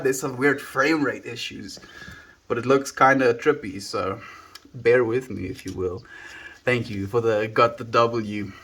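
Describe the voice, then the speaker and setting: A man's voice: medium pitch, a bit bright. A South African man from South Africa chatting casually on a livestream from home into a handheld phone, musing aloud and thanking viewers by name.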